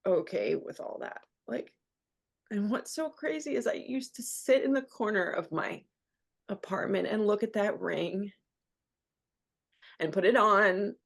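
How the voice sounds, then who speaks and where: A woman's voice: mid-range voice, unhurried, creaky, pauses often. A woman in her thirties, a radio host and guest, candidly telling an emotional personal story and often quoting what others said to her. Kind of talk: personal storytelling in a podcast conversation.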